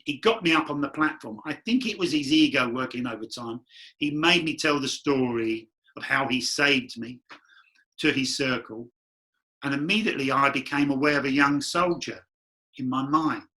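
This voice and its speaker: Man, medium guest, chatty storyteller, bright raised voice. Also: fairly high pitch. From London. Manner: chatty, rambling anecdotes with acted quotes. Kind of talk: candid storytelling interview.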